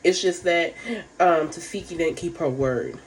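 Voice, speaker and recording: A woman's voice: deep voice, measured pace. A woman giving a casual, rambling recap of a reality show, frank and profane, full of fillers.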